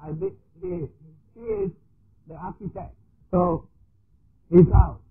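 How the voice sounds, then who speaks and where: A man preaching a sermon, teaching slowly and deliberately with repeated examples. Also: high-pitched, very animated, creaky, breathy edge. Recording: tinny phone-like archive recording with faint hiss.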